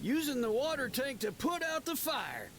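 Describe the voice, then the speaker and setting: A man's voice: extremely high pitch, sing-song, normal speed, heavily acted. A man voicing a cheery, self-praising tinkerer who builds a flamethrower, in a game. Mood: giddy. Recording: loud game noise behind.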